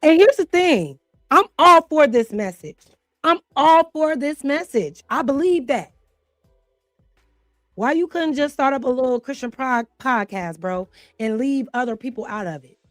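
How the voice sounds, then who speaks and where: A woman's voice: sits high, animated, a little slow, dry recording, studio quality, faint music behind. Candid, outspoken woman host commentating. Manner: candid, laughing, swears freely. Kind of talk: casual commentary.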